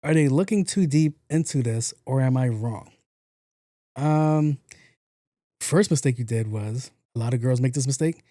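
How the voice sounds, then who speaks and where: A man's voice: medium pitch, a little slow, warm tone, no echo, studio quality. A man hosting a podcast in casual commentary, joking, swearing a lot and repeating himself. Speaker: podcast host.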